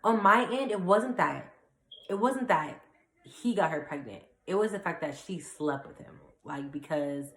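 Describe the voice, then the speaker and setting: A young woman vlogger casually retelling a personal story, chatty and animated, full of fillers and acted-out quotes. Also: on the low side, a little slow, narrow, tinny audio, noisy background. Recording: echoey room.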